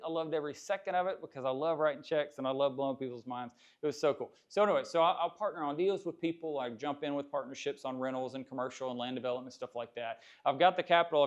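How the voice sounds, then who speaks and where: Candid man teaching a live class. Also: fairly high pitch. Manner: candid, conversational, repeats phrases. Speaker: real estate class instructor. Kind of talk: live seminar talk. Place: classroom with cameras. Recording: dull lo-fi sound.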